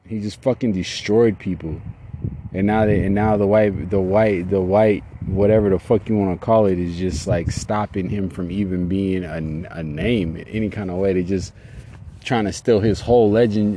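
A man's voice: on the low side, slight background noise. A man hosting a podcast in a casual, profane, rambling monologue. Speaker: podcast host. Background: loud music beat.

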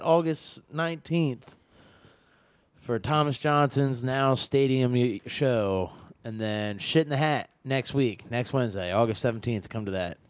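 A man's voice: fairly high pitch, clear, resonant tone, dry recording. A young man hosting a podcast, chatting casually and joking, with plenty of swearing. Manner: loose, profane, jokey. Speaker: podcast host. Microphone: studio mic.

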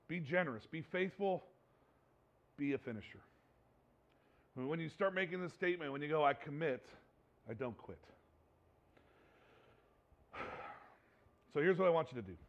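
A man preaching a sermon as pastor, impassioned, swinging between hushed and loud delivery. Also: medium pitch, creaky, dull audio.

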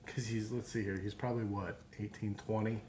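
A man's voice: lowish voice, little pitch movement, fairly quick, a little mellow, reverberant, a little hiss or hum. A man co-hosting a casual chat, swearing and laughing through rambling banter, recorded on a phone. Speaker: podcast co-host. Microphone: phone app.

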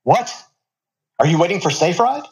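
A man's voice: high-pitched, very animated, moderate pace, voice pushed up. A man voicing an eager, fresh-faced young male student who offers a ride and tries to help.

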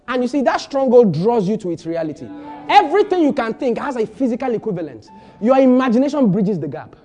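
A man with a Nigerian accent preaching a sermon as a pastor, building to shouted lines and repeating phrases for emphasis. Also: high-pitched.

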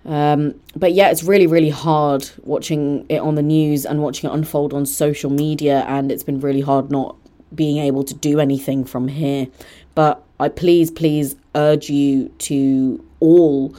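A woman's voice: deep voice, little pitch movement, normal speed, warm tone. A young woman hosting her own podcast, talking chattily on her own with gushing asides and self-mocking jokes. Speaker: podcast host. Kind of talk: solo podcast monologue.

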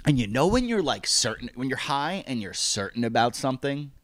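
Animated man telling a profane story. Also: medium pitch, a little fast. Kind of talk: casual chat, telling a funny anecdote.

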